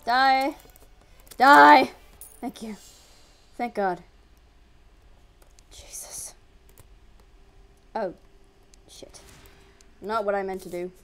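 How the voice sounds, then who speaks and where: A woman giving casual let's-play commentary, excitable, yelping at enemies and muttering to herself. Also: medium pitch, measured pace, pauses often. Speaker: gaming video creator.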